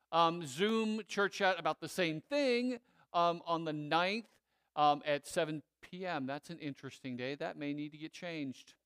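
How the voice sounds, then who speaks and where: A man chats casually in front of a church congregation and runs through the announcements. He has a smooth, clean voice that sits a little high for a man, recorded dry and close. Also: dry recording. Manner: relaxed, chatty, laughs easily, trails off. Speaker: church leader giving announcements.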